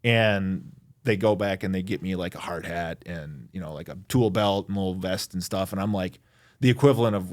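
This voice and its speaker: Brisk and a little mellow, this low-pitched man is a lawyer in his forties from Michigan, USA. As a guest in a casual interview, he chats loosely and pokes fun at himself, using lots of filler words.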